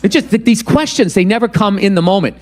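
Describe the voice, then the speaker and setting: A man's voice: high voice, expressive, quick pace. A man in his fifties doing stand-up on a club stage, ranting in an exasperated, profane way. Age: 50s. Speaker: stand-up comedian. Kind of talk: stand-up comedy routine. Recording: live audience and crowd noise.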